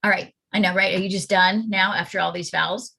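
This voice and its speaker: A woman's voice: medium pitch, steady tone, brisk, creaky, sharp tone, slightly rough. A woman reading teacher giving an online phonics workshop for parents, sounding out letters and vowel sounds with care. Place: home or classroom at computer, presenting slides.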